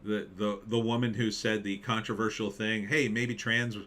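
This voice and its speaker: A middle-aged man hosting a casual live stream, ranting and mimicking critics in squeaky voices. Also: normal speed. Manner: animated, mocking impressions in high voices. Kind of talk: casual political commentary.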